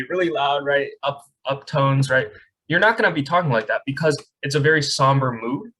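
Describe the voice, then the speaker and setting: A young man teaches a speech class from his desk over a video call. He speaks in a loose, conversational way and keeps checking in with his students. His voice sits at a middle pitch for a man. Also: fairly bright tone, husky, poor audio. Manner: conversational, often ends points with "right?". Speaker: speech camp instructor. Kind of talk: online lecture. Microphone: webcam on a video call.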